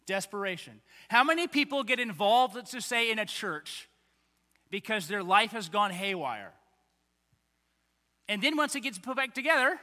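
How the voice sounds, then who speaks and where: Bright, high-voiced man preaching in a hall. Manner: conversational, animated preaching with acted-out voices. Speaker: pastor. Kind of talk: sermon. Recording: long hall reverb.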